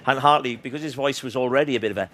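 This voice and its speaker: A man's voice: medium pitch, rapid-fire, fairly bright tone. Welsh man, playful and self-mocking. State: slight sore throat. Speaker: author and comedian guest. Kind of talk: casual interview chat.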